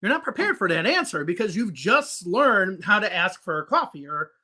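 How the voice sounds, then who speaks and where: A man's voice: high-pitched, very animated, moderate pace, bright, forceful tone. A man who is a native English speaker and works as an English teacher, patiently explaining grammar with spoken examples in a podcast conversation.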